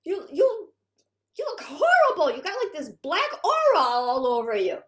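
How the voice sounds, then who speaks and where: A woman's voice: high voice, wildly swooping pitch, normal speed, pitched above the performer's own voice. A woman acting out a blunt woman friend who scolds someone for moping. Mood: exasperated. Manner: scolding, emphatic.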